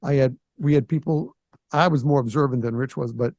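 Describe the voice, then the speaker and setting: A man in his sixties hosting a podcast, telling a story in a lively way and acting out the voices of the people in it. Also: mid-range voice, brisk, no echo. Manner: animated storyteller who acts out quoted voices. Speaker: podcast host. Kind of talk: casual storytelling.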